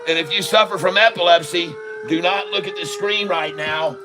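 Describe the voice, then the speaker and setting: A man hosting a live day-trading stream, shouting excitedly at the charts and talking to his chat. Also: high-pitched, moderate pace. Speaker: day-trading livestream host.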